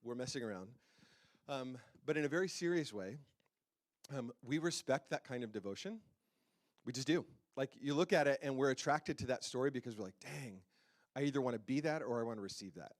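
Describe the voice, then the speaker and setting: A man's voice: mid-range voice, animated, brisk. A man preaching a casual, conversational sermon as pastor, playful and chatty, often asking the congregation questions, speaking into a handheld mic in a church. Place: church sanctuary.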